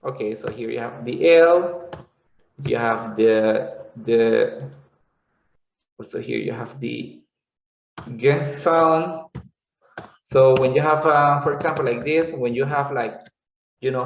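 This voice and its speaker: Male teacher, patient classroom explaining; slow, roomy lo-fi sound. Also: medium pitch. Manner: explains slowly, repeats words, checks in with "okay". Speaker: English teacher. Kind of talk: classroom lesson. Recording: echoey room, dull lo-fi sound.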